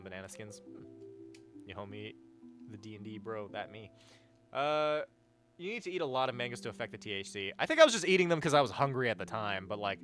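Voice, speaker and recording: A young adult man streaming live, chatting casually with viewers in a rambling, profane, animated way. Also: mid-range voice. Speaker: livestreamer.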